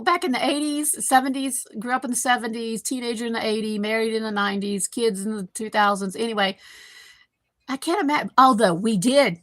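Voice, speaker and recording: Woman in her fifties, a bit high-pitched, rambling and chatty host on a home live stream, dry close sound. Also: brisk, fairly bright tone, dry recording. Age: 50s. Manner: rambling, chatty, talks to viewers by name. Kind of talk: casual live-stream chat. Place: home kitchen. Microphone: computer microphone.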